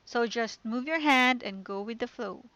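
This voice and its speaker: A woman voicing a poised, confident teenage girl who leads a club, reading game dialogue aloud in a calm, gentle way. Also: fairly high pitch, normal speed, dry recording, muffled recording. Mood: friendly.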